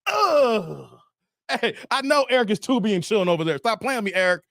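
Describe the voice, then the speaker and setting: Male livestream host, high voice, dry close mic, laughs a lot, heavy on slang. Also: rapid-fire, no room sound. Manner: animated, laughs often, slangy, reads chat aloud. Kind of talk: casual livestream chat.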